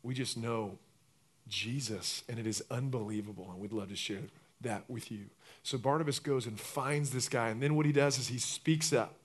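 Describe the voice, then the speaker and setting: A man preaching a sermon as pastor, telling the story with lively acted-out voices and swinging from loud bursts to quiet, intimate appeals. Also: medium pitch, moderate pace.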